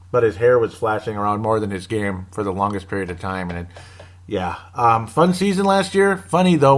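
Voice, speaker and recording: A man hosting a casual sports-talk show who rambles from point to point and cracks jokes. He drops wry asides and chuckles at his own lines. His voice sits at an ordinary middle pitch for a man. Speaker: podcast host.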